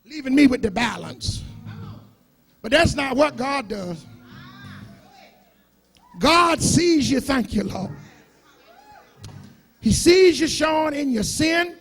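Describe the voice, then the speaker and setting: A man preaching a sermon as pastor, shouting and chanting in call-and-response with his congregation. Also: extremely high pitch. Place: church sanctuary.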